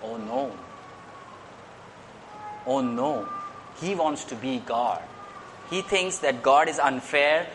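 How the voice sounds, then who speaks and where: An earnest man preaches a sermon at a mid pitch and often repeats his phrases. His voice rises when he stresses a point. A faint hiss sits behind him. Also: lively intonation, slow, vocal fry, pauses often.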